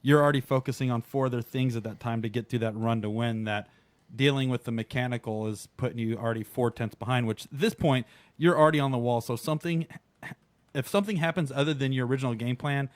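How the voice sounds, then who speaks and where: A man's voice: mid-range voice, fast, dry recording. A man co-hosting a podcast, telling stories in a playful, joking manner. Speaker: podcast co-host. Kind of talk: casual podcast chat.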